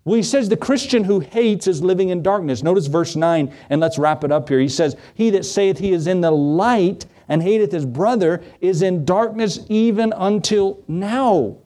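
A middle-aged male pastor preaching a sermon, swinging his pitch and pace as he acts out Bible scenes. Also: normal speed, few pauses, dark tone.

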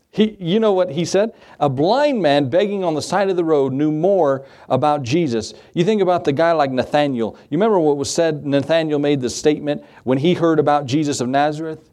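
A man's voice: a little high, a little mellow. A young man preaching a fervent, folksy sermon as pastor, acting out the voices of the people he quotes.

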